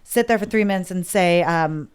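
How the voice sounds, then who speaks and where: A woman's voice: fairly low pitch, moderate pace, smooth. A woman as a podcast guest, candidly and emotionally telling a personal story, often acting out what others said. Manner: candid, emotional, quotes others in lively voices. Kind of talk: casual interview storytelling.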